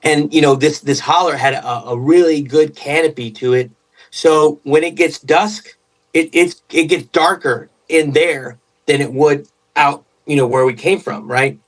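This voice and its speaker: A man, a podcast guest, telling a story in casual chat in an excitable, rambling way with many restarts. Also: fairly high pitch, unhurried, recorded from a distance, rough recording.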